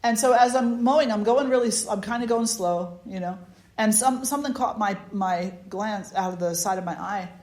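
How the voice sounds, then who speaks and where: Lady teacher chatting thru a spiritual talk, lively and laughy, stops and restarts a lot, mid-pitched voice, echoey room. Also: normal speed. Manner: chatty and animated, laughs often, frequent restarts. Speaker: spiritual teacher leading a satsang. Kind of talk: informal spiritual talk with anecdotes. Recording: roomy echo.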